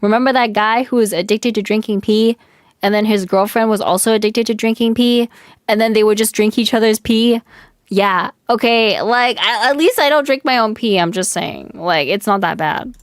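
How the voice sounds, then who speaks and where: A woman's voice: fairly high pitch, normal speed, dry recording, studio quality. A young woman streamer reacting to clips in casual, blunt, profane commentary and greeting her chat.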